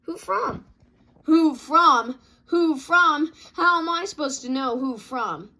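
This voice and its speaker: A woman's voice: high-pitched, expressive, normal speed, bright, forceful tone, heavily acted. A woman voicing a bossy, flustered bear mother in a storybook play, scolding in an exasperated way.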